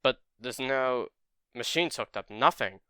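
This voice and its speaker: A man's voice: mid-range voice, expressive, a little slow, sharp tone, clear, resonant tone, no room sound, clean studio sound. A man casually narrating a fan story in a rambling way, correcting himself as he goes.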